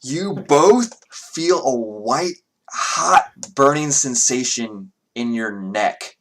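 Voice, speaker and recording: A man running a tabletop game online as game master, relaxed and trailing off softly at times. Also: medium pitch, drawn-out words.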